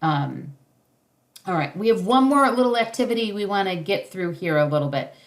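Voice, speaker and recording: A woman's voice: mid-range voice, expressive, normal speed. Woman, parenting-class facilitator; encouraging, loose delivery with fillers, video-call sound.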